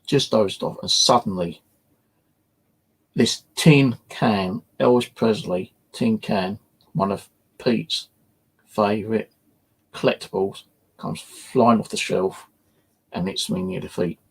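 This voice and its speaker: A man tells a personal story in a loose, rambling way, scattering fillers and swear words. His voice sits low and gravelly, with a husky, slightly rough edge. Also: takes it slowly, pauses often. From England. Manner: rambling, full of "you know" fillers and swearing. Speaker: paranormal investigator and channel host. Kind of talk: casual first-person storytelling.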